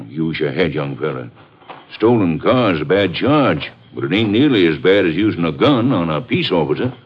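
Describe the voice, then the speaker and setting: An old folksy constable. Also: male voice, sits low, very animated, normal speed, breathy edge, exaggerated voice. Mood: genial. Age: older. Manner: easygoing folksy drawl. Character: elderly small-town male constable. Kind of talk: 1950s radio drama acting. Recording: muffled old radio broadcast.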